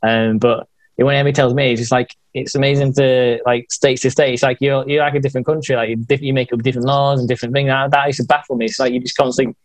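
A man's voice: mid-range voice, level tone, fast, no echo. Rambling young Yorkshire man, dry sound. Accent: Yorkshire English. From England, Yorkshire. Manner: hesitant, rambling with many fillers and laughs. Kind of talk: casual chat.

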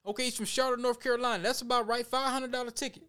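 A man's voice: very high-pitched, steady tone, racing, fairly bright tone, clear, resonant tone. A man reading news aloud and breaking in with heated, emphatic, repetitive commentary to his viewers. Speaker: commentary vlogger.

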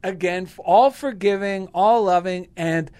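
Man, somewhat high voice, earnest, enthusiastic, casual spiritual chat. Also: unhurried, darkish tone, smooth.

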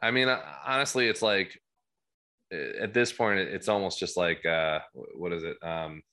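Loud jersey guy on a podcast, low voice but bright and punchy, rambles and restarts a lot. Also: normal speed. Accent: New Jersey. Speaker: podcast guest, musician. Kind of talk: casual podcast chat.

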